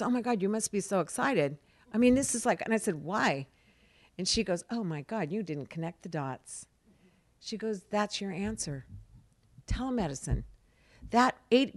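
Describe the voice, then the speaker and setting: A middle-aged woman from the United States giving an animated storytelling speech at a fundraising event. She acts out quoted dialogue and repeats words for emphasis. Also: mid-range voice. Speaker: speaker at a fundraising dessert. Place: event hall.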